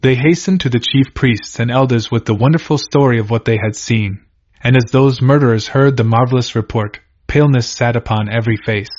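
A male narrator reads a religious book aloud in scripted audiobook style. His voice sits at an ordinary middle pitch and moves at a steady, measured pace. The recording sounds muffled and lo-fi. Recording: dull lo-fi recording.

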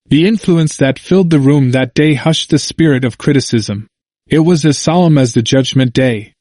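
A man narrates a historical book in a steady, measured reading voice. His pitch sits in an ordinary middle range, and the recording is close and dry, with no room sound. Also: no echo. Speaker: audiobook reader.

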